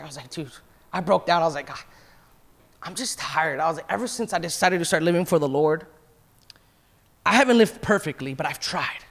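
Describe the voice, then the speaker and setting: Emotional church testimony from a pastor guy, 30s, raspy fry in his voice, pitched up high. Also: lively intonation, brisk, long pauses, a bit bright. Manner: emotional, confessional, quotes himself and others. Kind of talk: sermon, personal testimony.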